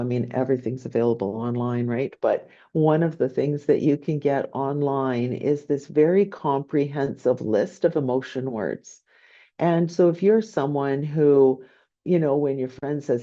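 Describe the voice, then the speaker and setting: A woman professor lectures in a friendly, conversational way and keeps checking in with "right?". Her voice is mellow, and the recording sounds dull and lo-fi, like a webinar. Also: a bass voice. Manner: conversational, often asking "right?". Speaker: business professor. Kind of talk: online lecture answering questions.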